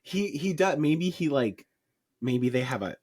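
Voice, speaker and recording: A man's voice: on the high side, animated, measured pace, a little mellow, husky, dry recording, clean studio sound. A man from Arizona co-hosting a podcast in casual chat, sarcastic and profane, cracking jokes as he reads through a story. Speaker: podcast co-host.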